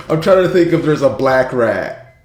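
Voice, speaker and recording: A man hosting a reaction video, musing aloud in a relaxed way and chuckling between thoughts. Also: on the high side, slow pace, roomy sound, soft background music. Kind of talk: casual reaction commentary.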